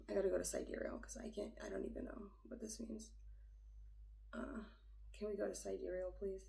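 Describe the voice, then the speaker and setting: A woman's voice: medium pitch, creaky, warm tone, low-quality recording. A young woman reading an astrology chart aloud in a casual, rambling way, hesitant and full of fillers, often dropping to a whisper. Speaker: astrology reader.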